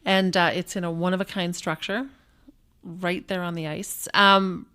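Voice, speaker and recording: A woman's voice: on the low side, fairly even intonation, a little slow, sharp tone, smooth. Chatty woman podcast co-host. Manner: chatty, laughs often, lots of "um" and "uh" while sharing event details. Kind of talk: casual chat.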